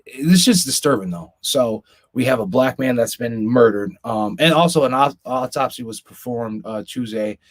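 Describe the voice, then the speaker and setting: A man co-hosting a casual podcast, talking earnestly and with concern, often stumbling and restarting his sentences. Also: on the low side. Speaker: podcast co-host.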